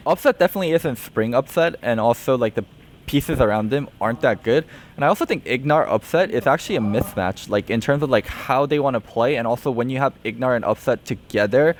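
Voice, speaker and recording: A man chatting casually about esports on a podcast, relaxed and a little joking. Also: medium pitch, fairly quick, slight background noise.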